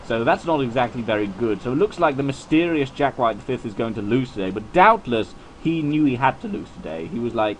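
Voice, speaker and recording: A man's voice: expressive, fairly quick, few pauses, a little hiss or hum, rough recording. Rambling young man commentating. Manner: rambling, chatty and self-mocking, with swings in pitch. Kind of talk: casual video game commentary.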